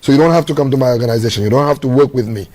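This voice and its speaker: A man's voice: mid-range voice, racing, a little mellow. A man speaking as a talk show guest, earnest and emphatic. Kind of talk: casual chat.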